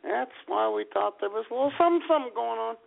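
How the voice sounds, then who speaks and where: A wry male host cracking jokes in loose banter. His voice is gravelly and swoops up and down a lot. The sound is thin and tinny. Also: extremely high pitch, animated, very fast. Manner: joking, wry. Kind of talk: casual radio banter. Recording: tinny lo-fi audio.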